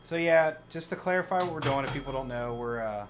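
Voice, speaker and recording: A man's voice: mid-range voice, brisk. A man co-hosting a live pinball stream, explaining the game in a hesitant way, full of fillers. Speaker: stream co-host. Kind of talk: casual chat explaining the game. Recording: loud background noise.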